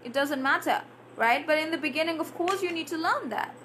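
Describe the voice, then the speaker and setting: A woman's voice: high-pitched, fairly quick, a bit bright, a little hiss or hum. A woman English trainer and IELTS coach giving a live-streamed Q&A lesson, drilling tongue twisters aloud and answering viewer comments.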